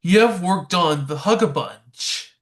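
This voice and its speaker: A man's voice: sits high, animated, slow, fairly bright tone. A man hosting a podcast, asking plain interview questions. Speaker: podcast host.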